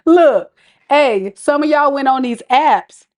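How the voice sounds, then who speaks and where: Playful, higher-pitched woman reading tarot. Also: animated, slow pace, a little mellow. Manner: playful, laughs at her own jokes; chatty, addresses viewers directly. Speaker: tarot reader. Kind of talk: casual tarot reading for viewers.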